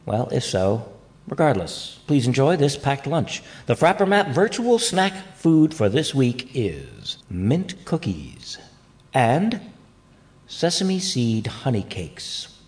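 A man's voice: mid-range voice, wildly swooping pitch, slow, a little mellow. A congested man hosting a podcast in a casual, joking, rambling way. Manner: jokey, rambling asides. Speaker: podcast host. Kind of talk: casual chat.

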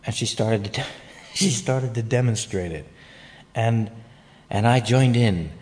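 A man's voice: mid-range voice, slow pace, a little mellow. A congested man hosting a podcast in a casual, joking, rambling way. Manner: jokey, rambling asides. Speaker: podcast host. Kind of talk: casual chat.

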